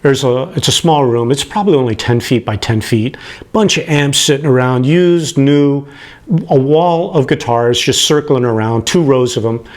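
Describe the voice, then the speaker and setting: A man in his late fifties telling a personal story, animated and prone to chuckling, who gets emotional as he talks. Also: mid-range voice, moderate pace. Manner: animated, acts out the people he quotes, chuckles as he talks.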